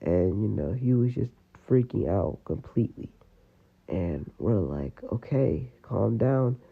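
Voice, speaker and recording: Gravelly low man rambling a story. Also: lively intonation, a little slow. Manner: rambling, full of "you know" and "like". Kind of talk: casual storytelling. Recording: tinny phone-like audio.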